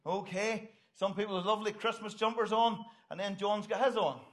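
A man's voice: high-pitched, a little fast, background noise. A middle-aged man, giving a jokey, upbeat children's talk in church and directing volunteers. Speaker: pastor.

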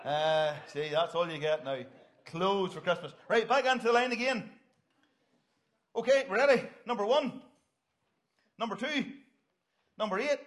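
A man's voice: sits high, a little slow, pauses often, a bit bright. A middle-aged man, giving a jokey, upbeat children's talk in church and directing volunteers. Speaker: pastor.

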